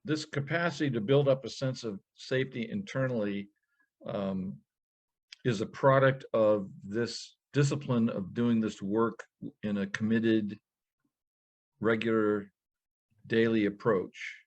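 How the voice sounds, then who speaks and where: A man co-hosting a show, speaking in a measured, thoughtful way. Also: lowish voice, steady tone. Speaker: co-host. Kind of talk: reflective casual talk.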